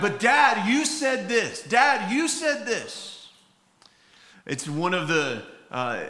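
This pastor's mid-range voice is bright and forceful, bouncing around an echoey room. He tells funny stories during his sermon, voicing every character himself, and keeps stumbling into fillers and restarts.

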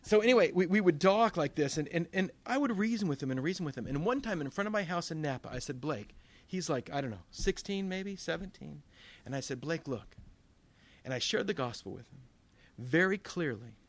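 Male pastor, sermon, fairly high voice, lively storytelling with quoted voices. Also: brisk. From Northern California.

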